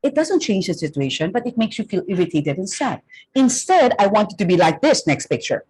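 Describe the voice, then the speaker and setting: A middle-aged woman with a Filipino accent giving a lively talk to students, often checking in with "okay?". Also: medium pitch, fairly quick, breathy edge, rough recording. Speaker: guest speaker.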